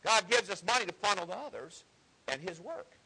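A man's voice: sits high, animated, fairly quick, creaky, sharp tone, slightly rough, poor audio. A man preaching a sermon in an earnest, conversational way with folksy asides. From Ohio.

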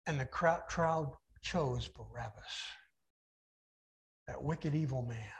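A man's voice: medium pitch, animated, slow, vocal fry, long pauses, fairly bright tone. A man preaching a sermon, retelling a Bible story with dramatic emphasis and acting out the voices.

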